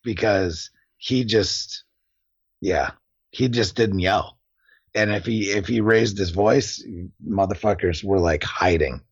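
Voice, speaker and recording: A man's voice: deep voice, takes it slowly, breathy edge, dry recording. A man, a podcast co-host and Marine veteran, telling profane stories in casual chat. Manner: profane, animated storyteller, laughs often. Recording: dull, dry lo-fi sound.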